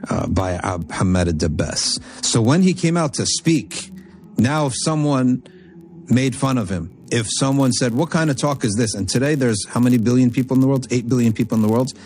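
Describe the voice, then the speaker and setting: A man giving a religious lecture, telling a story from Arabic texts and explaining it in English with animated, emphatic delivery. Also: mid-range voice. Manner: emphatic, repeats phrases for stress. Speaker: Islamic teacher.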